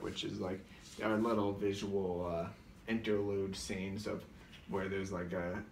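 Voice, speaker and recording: A guy with a fairly low, fairly bright voice rambles through stories about his comedy sketches, dropping tons of "like," restarting often, and briefly doing voices. It's casual storytelling, recorded by a mic kind of far off in a roomy space with a faint hum behind.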